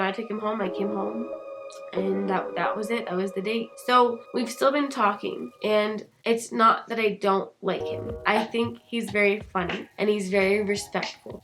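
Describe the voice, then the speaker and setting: A young woman telling a candid, chatty storytime on her vlog, swearing freely. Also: medium pitch. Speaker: vlogger.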